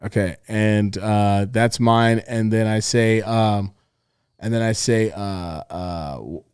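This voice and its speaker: A man's voice: lowish voice, fairly even intonation, takes it slowly, darkish tone, smooth, no echo. Rambling man co-hosting a podcast. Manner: rambling, lots of fillers and swearing. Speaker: podcast co-host. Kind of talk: casual improv chat.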